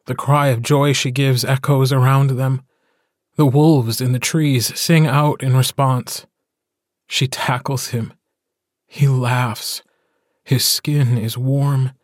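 A male audiobook narrator reads in a slow, measured, intimate way. His voice is slightly husky and sits in a dry, close studio sound. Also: medium pitch, no room sound. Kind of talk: scripted narration.

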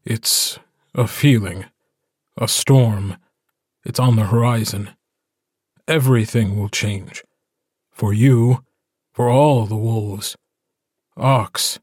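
A steady, protective werewolf alpha, voiced by a man, calm and tender even when grave. He speaks slowly in a husky low voice, recorded close and dry for an audiobook. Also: dry recording.

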